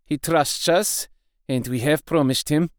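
A man's voice: fairly high pitch, unhurried, no room sound, clean studio sound, voice pushed up, lightly acted. A man reading aloud, voicing a stern older professor in a firm, grave way.

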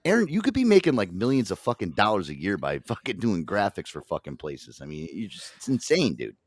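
A man's voice: on the low side, fast talker, hardly any pauses, no echo. A man hosting a casual podcast chat, rambling and swearing freely. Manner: rambling, swears often, animated. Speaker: podcast host.

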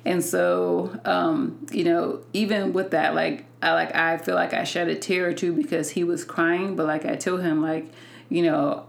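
A woman hosting a podcast and telling a personal story in an unhurried way, with many fillers and restarts. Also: fairly low pitch, little pitch movement, vocal fry. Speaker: podcast host.

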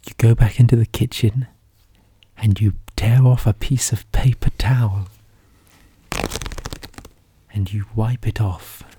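Husky man in whispered role-play. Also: on the low side, fairly even intonation, slow pace, pauses often, warm tone.

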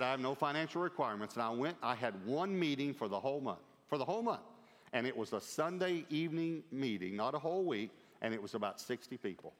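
Middle-aged man preaching in a reverberant hall. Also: mid-range voice. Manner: animated, humorous anecdotes with quoted dialogue. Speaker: pastor. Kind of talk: storytelling sermon. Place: large church auditorium.

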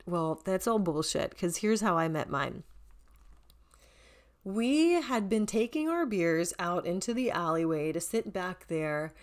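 A woman in her forties, a podcast host telling a story in a chatty, lively way and swearing freely. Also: on the low side. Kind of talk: casual storytelling.

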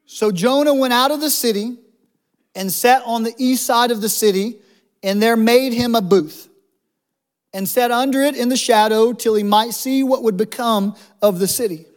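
High-pitched male pastor, chatty sermon style with jokes thrown in. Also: moderate pace. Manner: humorous, conversational preaching with asides.

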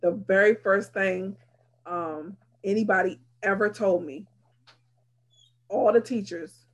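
A woman's voice: medium pitch, takes it slowly, pauses often. Playful woman teacher chatting. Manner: playful, teasing storyteller. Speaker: teacher, podcast co-host. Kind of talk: casual chat.

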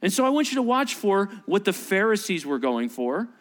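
A male pastor delivering a sermon, animated and joking, acting out little voices and sarcastic asides. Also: sits high, moderate pace.

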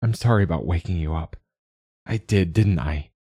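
A man doing a gentle, guilt-ridden father. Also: deep voice, moderate pace, husky, no room sound, clean studio sound. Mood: remorseful. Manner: gentle and hushed.

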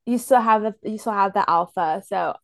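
A woman's voice: medium pitch, normal speed, creaky, a bit bright, dry recording, studio quality. A woman co-hosting a book podcast in casual chat, talking in restarts with lots of "like". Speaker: podcast co-host.

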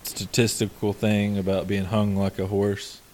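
A man's voice: on the low side, flat delivery, a little slow, a little mellow. A man on a casual podcast who teases his co-host and chimes in with wry remarks. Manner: teasing, wry. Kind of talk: casual chat.

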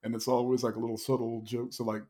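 A man's voice: mid-range voice, flat delivery, quick pace, dark tone. A man hosting a podcast, casually retelling a film's scenes and laughing often. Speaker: podcast host. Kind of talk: casual film recap chat.

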